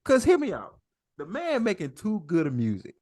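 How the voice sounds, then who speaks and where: A man's voice: high voice, huge pitch swings, normal speed, a crowd in the background. A man co-hosting a casual podcast, making playful, provocative claims and acting out little scenes. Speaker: podcast co-host.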